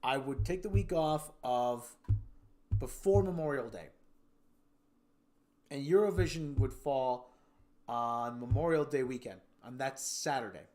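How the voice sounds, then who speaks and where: A man's voice: mid-range voice, a little slow, pauses often, darkish tone, faint music behind. An American man hosting a livestream, chatting casually and reading viewer comments, rambling with restarts and putting on silly voices. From United States. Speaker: livestream host.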